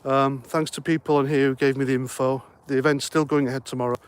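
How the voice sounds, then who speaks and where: A chatty man is livestreaming casually, reading comments and rambling with jokey asides. His mid-range voice is smooth and level, he talks fast, and he's slightly out of breath.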